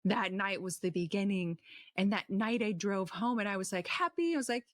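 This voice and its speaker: A woman recounts her own story as a personal testimony, her voice leaping high whenever she acts out what someone said. The sound is dry and close, with no room around it. Her pitch sits in the middle for a woman. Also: moderate pace, no room sound. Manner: animated, acts out quotes with sudden high pitch jumps. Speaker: testimony speaker.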